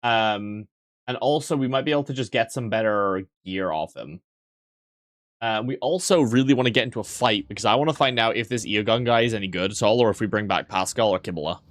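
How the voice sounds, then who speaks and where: A man's voice: lowish voice, expressive, a little fast, dry recording, clean studio sound. A man streaming a video game, rambling in casual commentary, swearing freely and poking fun at himself.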